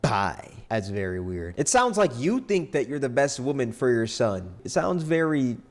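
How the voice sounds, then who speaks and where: A man's voice: mid-range voice, big pitch swings, normal speed, faint music behind. Incredulous young man reacting to posts. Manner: incredulous, sarcastic, reads posts aloud. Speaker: reaction video host. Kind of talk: casual reaction commentary.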